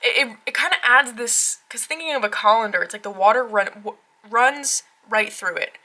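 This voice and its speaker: A woman gushing through a casual tarot deck walkthrough at home, excitable, with frequent gasps and fillers. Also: a little high, moderate pace. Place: home tarot room, rain outside.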